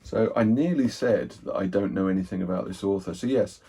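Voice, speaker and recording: A man's voice: sits low, brisk, dark tone, slightly rough. A man chatting casually and rambling as he unboxes and sorts a haul of old books, thinking aloud and poking fun at himself. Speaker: book collector, channel host.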